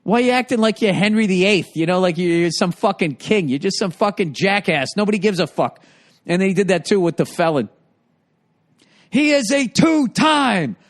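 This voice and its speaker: A man hosting a podcast, riffing through a comedic monologue full of swearing and asides. His pitch sits a bit high for a man. He talks loosely and wanders through his stories. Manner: profane, rambling storytelling. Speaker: podcast host.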